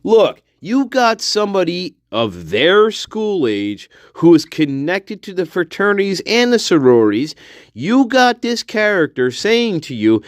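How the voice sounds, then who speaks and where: Man ranting with lively pitch. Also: takes it slowly, dry recording, clean studio sound. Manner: profane, exasperated, emphatic. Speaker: true-crime channel host. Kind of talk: ranting commentary.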